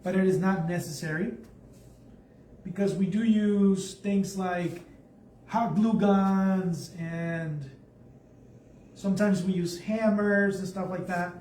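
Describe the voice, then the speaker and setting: Man, high voice, casual live painting instructor who muses as he works; echoey room, faint background noise. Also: fairly even intonation, slow pace, pauses often, darkish tone, recorded from a distance. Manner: chatty, thinks aloud while painting. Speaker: art instructor.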